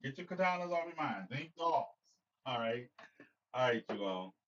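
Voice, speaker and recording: A man's voice: mid-range voice, sing-song, normal speed, a bit bright, far from the mic. Joking man chatting on a lo-fi stream. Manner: joking, rambling, addresses chat by name. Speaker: livestream host. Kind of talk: casual livestream chat with viewers. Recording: dull lo-fi sound, slightly off-mic.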